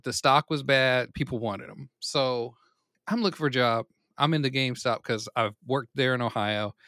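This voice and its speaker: Male podcast co-host, bright and fairly high, storyteller who plays out quotes, dry close sound. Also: fairly even intonation, normal speed, no room sound. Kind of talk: casual chat, storytelling.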